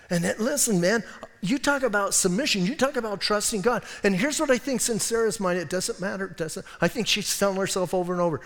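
A man preaching a sermon as pastor, lively and acting out voices from the story. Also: high voice, quick pace, long reverb tail. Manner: animated, acts out voices of people in the story. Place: church hall.

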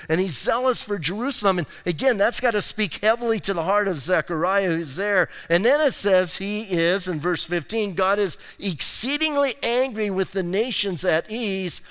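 Smooth-voiced pastor in a reverberant church. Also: male voice, high voice, fairly bright tone. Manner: casual, conversational preaching with slang asides. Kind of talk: sermon. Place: church sanctuary.

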